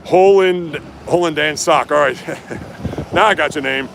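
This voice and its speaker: A man's voice: fairly high pitch, a little slow, creaky, a bit bright, slight background noise. A man livestreaming outdoors on city streets from his phone, chatting casually and reading viewer comments aloud as he runs. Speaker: livestream host. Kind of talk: casual livestream chat while running. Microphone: handheld phone.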